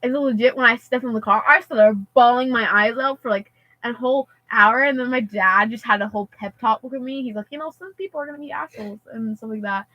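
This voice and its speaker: A teen girl with a fairly high voice talks a little fast and with fairly even intonation, rambling through a casual story full of "like" and "and stuff like that." The recording is dry and muffled.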